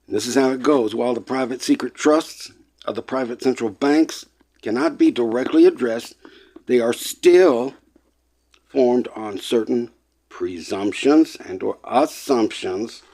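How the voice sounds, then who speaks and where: Man, mid-pitched, impassioned lecturing monologue, emphatic and repetitive, gets heated. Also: measured pace, darkish tone. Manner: lecturing, addresses listeners as people. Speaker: online presenter.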